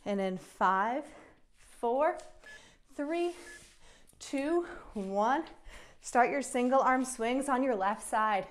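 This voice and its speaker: A woman's voice: on the high side, lively intonation, extremely slow, long pauses. A young woman, out of breath, coaching a follow-along kettlebell workout and counting down reps with encouragement. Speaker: fitness instructor.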